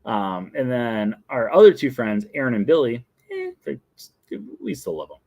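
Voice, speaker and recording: A man's voice: medium pitch, huge pitch swings, normal speed, creaky, darkish tone, no echo. A young man hosting a casual show where he answers viewer questions. He talks in a chatty, rambling way and laughs often. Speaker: host.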